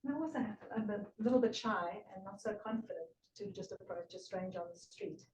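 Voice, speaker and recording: A woman's voice: medium pitch, animated, slight background noise. Earnest South African woman giving a speech. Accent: South African English with a slight British tinge. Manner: earnest, with emphatic lists and pauses. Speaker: club speaker. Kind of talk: prepared public speech. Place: meeting room. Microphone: room recording from a distance. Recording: echoey room from far off.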